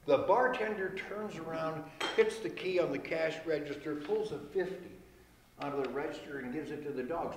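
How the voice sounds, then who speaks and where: An older man telling jokes to a small group of friends, relaxed, acting out the characters in quick quotes. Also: sits high. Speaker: joke teller. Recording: echoey reverberant room, light noise.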